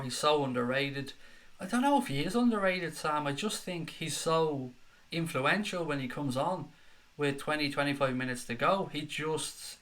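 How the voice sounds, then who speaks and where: Excitable bright-voiced man hosting a live stream. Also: mid-range voice. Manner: excitable, chatty, reads out viewer comments. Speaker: football fan channel host. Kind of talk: live-stream chat reaction.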